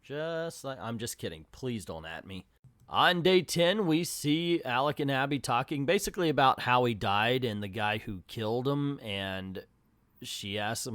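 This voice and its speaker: A man talks through comic panels in a chatty, self-mocking way. His pitch swings widely as he narrates, and the sound is dry and close, with no room around it. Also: lively intonation, measured pace, a bit bright, dry recording. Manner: chatty, self-deprecating, voices characters when quoting. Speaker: comics channel host. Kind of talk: casual comic recap with read-aloud quotes.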